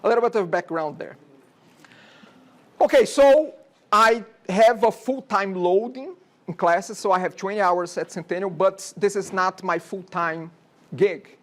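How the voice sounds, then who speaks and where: Unhurried and high-voiced, this college instructor is a Brazilian man in his forties with a Brazilian Portuguese accent. His classroom lecture is chatty, peppered with "okay?" check-ins.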